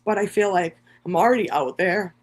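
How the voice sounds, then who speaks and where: Streamer voice, candid and emotional, rambling with lots of swearing; ordinary middle pitch. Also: a little fast. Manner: many fillers and restarts. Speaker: content creator. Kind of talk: livestream monologue.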